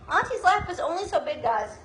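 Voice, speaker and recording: A woman with a high voice hosts a chatty live-stream tour of a shelter's indoor cat room as a volunteer, baby-talking and cooing to the cats with frequent laughter. Her phone recording carries a faint hiss and the room echoes.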